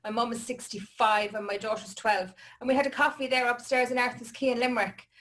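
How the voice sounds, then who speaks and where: A woman in her forties talking casually on a video call. She tells a warm-hearted family anecdote, and her voice sits somewhat high. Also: level tone, fairly quick.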